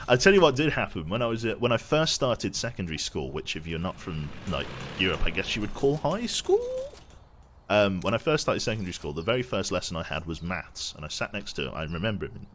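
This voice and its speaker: Young man, posh English accent, low voice, lively swings in pitch, casual stream chat, self-deprecating, faint background music. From England. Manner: chatty, self-deprecating, reads chat aloud.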